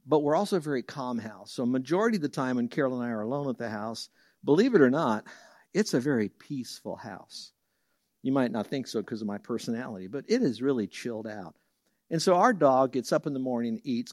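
A man preaching a sermon as a Bible teacher, telling homely stories and leaping up in pitch and volume for the voices he quotes, then dropping soft for the verses. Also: no echo, clean studio sound. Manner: lively storyteller who jumps high and loud for quoted voices; drops soft and low for reverent verses.

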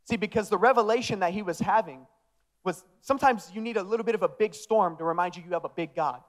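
A man's voice: high-pitched, fast. A young man preaching a sermon with energy, acting out the disciples in casual modern speech. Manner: energetic, acts out the disciples' dialogue. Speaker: pastor.

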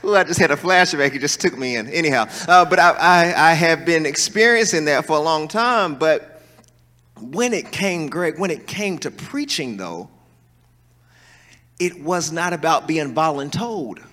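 A man's voice: fairly high pitch, measured pace. A man preaching a sermon in a church, telling stories and calling on the congregation to respond. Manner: animated, folksy storytelling with call-and-response. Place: large church hall. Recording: reverberant church hall.

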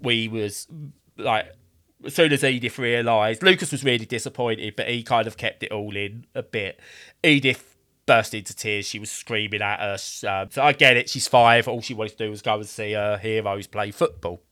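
A man's voice: on the low side, normal speed, sharp tone. A man in his thirties telling a rambling story in a casual way, acting out the voices he quotes.

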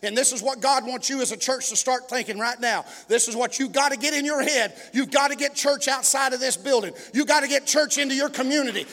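A man from Texas, a pastor preaching a sermon and telling stories, swinging between shouting and quiet murmuring. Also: very high voice, fairly quick, few pauses. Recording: long echoing hall reverb.

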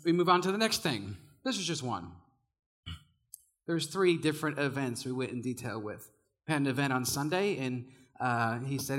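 A young man preaching to a youth group, telling a funny story about his own failures, with laughs and lively swings. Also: mid-range voice, moderate pace. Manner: animated, self-mocking, laughs often. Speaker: youth pastor. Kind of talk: sermon storytelling.

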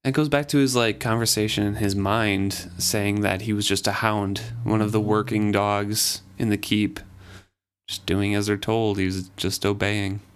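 A man co-hosting a book discussion podcast, summarizing and reading passages in a relaxed conversational way. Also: lowish voice, normal speed, clean tone. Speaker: podcast co-host.

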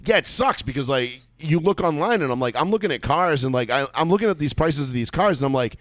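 A man's voice: on the high side, animated, fast talker, a bit bright, no room sound, clean studio sound. Wry man griping on a talk show. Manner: wry, sarcastic complaining. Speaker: podcast co-host. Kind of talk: casual sports talk-show banter.

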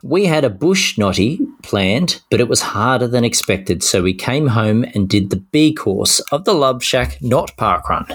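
A man's voice: mid-range voice, lively intonation, a little slow, few pauses, fairly bright tone, slightly rough. Aussie guy co-hosting a podcast, reading listener messages, bouncy sing-song voice, jokes at his own expense. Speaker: podcast co-host.

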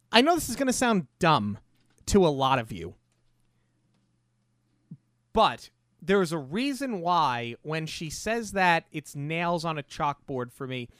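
Lively New podcast co-host, dry sound. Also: medium pitch, dry recording. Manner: animated, opinionated, rambling. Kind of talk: casual film-review chat.

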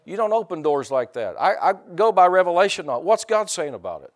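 A middle-aged male pastor preaches a conversational sermon, often repeating words, asking the congregation rhetorical questions and breaking into loud bursts. His voice is high and brisk, with big pitch swings.

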